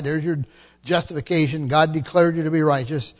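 Male pastor, high-pitched, emphatic expository preacher who repeats phrases; long hall reverb. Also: normal speed, darkish tone. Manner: emphatic, repeats key phrases, frequent restarts. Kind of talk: expository sermon.

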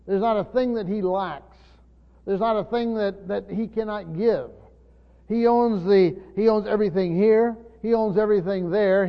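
A man preaching a sermon in an earnest teaching tone, speaking straight to his congregation. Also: high-pitched. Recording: dull lo-fi sound with long reverb of a large hall.

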